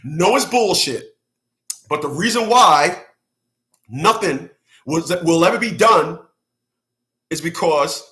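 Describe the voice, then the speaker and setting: A man with a high, bright voice delivering a profane, blunt rant to his viewers. He hammers his points home by repeating single words and curses freely. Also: lively intonation, takes it slowly, long pauses. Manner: blunt, heavy cursing, repeats words for emphasis. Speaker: channel host commenting on clips. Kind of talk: profane reaction commentary.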